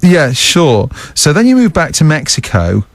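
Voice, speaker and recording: A man's voice: fairly high pitch, huge pitch swings, a little slow, no room sound. Friendly male radio host. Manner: friendly, warmly encouraging, stumbling starts. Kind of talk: radio interview. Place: radio studio.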